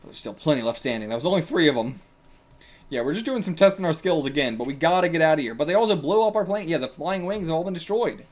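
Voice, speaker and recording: A young man reading a manga aloud and reacting casually, excitable and laughing, with bursts of swearing. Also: a little high, fast. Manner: excitable, swears, laughs, puts on brief character lines.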